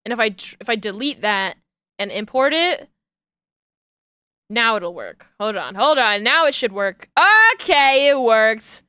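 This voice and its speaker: A woman's voice: on the high side, expressive, unhurried, sharp tone, clean tone, no room sound, clean studio sound. A woman streaming live, chatting casually and playfully with her viewers and giggling while she works. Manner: playful and giggly, talks to chat while working.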